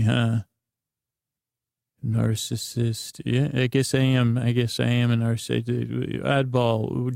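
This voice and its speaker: A middle-aged man rambling through an improvised bedtime story, halting and restarting often. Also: mid-range voice, creaky, darkish tone, dry recording, clean studio sound. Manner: meandering, halting, with many restarts. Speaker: bedtime podcast host.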